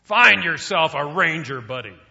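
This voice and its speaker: A man putting on a gruff, raspy army drill sergeant who barks orders loudly, with echo on a dull recording. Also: on the high side, animated, unhurried, exaggerated voice. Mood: growling. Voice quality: raspy, growling. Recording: echoey hall, dull lo-fi sound.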